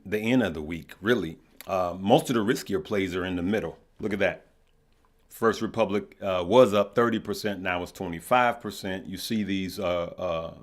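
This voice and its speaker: A man from Chicago hosting a casual stock market livestream, chatty and repetitive, greeting viewers as he talks. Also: on the low side. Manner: chatty, repeats himself, greets viewers mid-thought.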